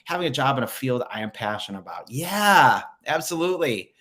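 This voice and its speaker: A man's voice: medium pitch, big pitch swings, a little fast, fairly bright tone. A man hosting a spiritual direction livestream in casual chat, reading viewer comments aloud with many fillers and upbeat encouragement.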